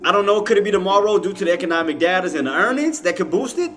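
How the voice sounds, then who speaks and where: Bright-voiced man rambling through live trading commentary. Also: high-pitched, animated, very fast, faint music behind. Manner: rambling, self-talking, laughs often, slangy. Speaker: stock trading streamer.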